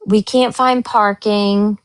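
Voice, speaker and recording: A woman hosting a podcast, telling a story in a casual, animated way and acting out what others said in a higher voice. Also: slow pace, a crowd in the background. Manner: animated, acts out quotes in a higher voice. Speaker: podcast host.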